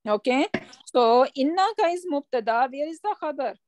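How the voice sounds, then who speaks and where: A woman with a high voice teaches a grammar lesson, explaining patiently and asking her students questions as she goes. Her speech comes through dry and close, with no room sound around it. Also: expressive, normal speed, a little mellow, no echo. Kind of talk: online class lesson.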